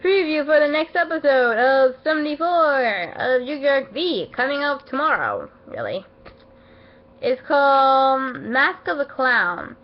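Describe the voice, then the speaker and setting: A woman giving a casual, rambling anime episode review, emotional and excitable, full of fillers and restarts, her voice not at its best as she feels unwell. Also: high-pitched, unhurried. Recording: dull lo-fi home recording.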